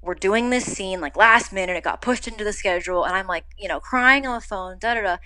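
A young adult woman, an actor being interviewed, telling stories in a lively, casual way and acting out quoted lines. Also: fairly quick. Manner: animated storytelling, acts out quotes with big pitch jumps. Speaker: actor guest.

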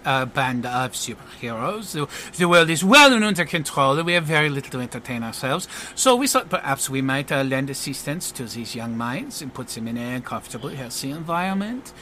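A man's voice: fairly high pitch, sharp tone, a little hiss or hum. A man putting on a pompous French superhero. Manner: smug, theatrical, full of hesitations. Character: flamboyant pompous male superhero with French flourishes. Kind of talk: tabletop role-play voice acting.

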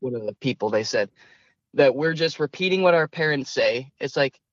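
A young man is a guest in an interview, speaking earnestly and a bit hesitantly, with frequent restarts. His pitch is in the middle range for a man, and the recording sounds slightly dull and lo-fi, dry with no room echo. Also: lively intonation, normal speed. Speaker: student guest. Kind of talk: conversational interview.

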